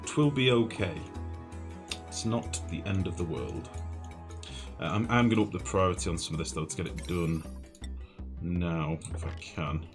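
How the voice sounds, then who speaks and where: Low-voiced streamer over game music. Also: male voice, normal speed. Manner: chatty, flustered, self-mocking, greets chat viewers. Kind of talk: live-streamed gameplay commentary. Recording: music playing clearly behind voice.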